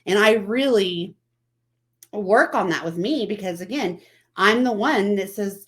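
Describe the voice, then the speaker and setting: A woman's voice: medium pitch, measured pace. A woman hosting a casual motivational talk, chatting and repeating herself as she quotes other people. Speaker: vlog host.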